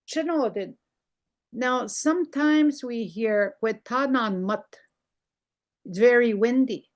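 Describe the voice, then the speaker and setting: Slow, patient older woman teaching words. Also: mid-range voice. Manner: slow, repeats words carefully, explaining pronunciation. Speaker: language teacher. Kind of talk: online language lesson.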